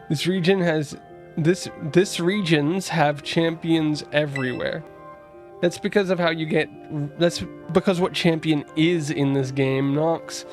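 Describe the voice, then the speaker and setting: A man chatting through a video game stream, his voice sitting a bit on the high side. He rambles and jokes with his viewers in loose, casual asides. Soft game music plays behind him. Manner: rambling, joking asides to chat. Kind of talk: casual live-stream commentary.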